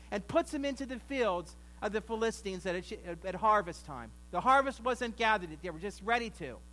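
A man's voice: extremely high pitch, pushed and bright, poor audio. A man preaching a sermon, retelling a story conversationally with wry asides.

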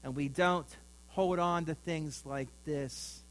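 A male pastor preaching a sermon, swinging between loud emphasis and quiet asides. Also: a little high, steady tone, takes it slowly. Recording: mains hum.

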